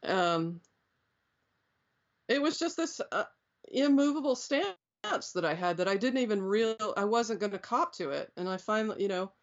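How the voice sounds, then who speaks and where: A woman's voice: mid-range voice, expressive, normal speed. A middle-aged woman reflecting on her past as an interview guest, rambling with many fillers and restarts. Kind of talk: reflective storytelling. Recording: dull lo-fi sound.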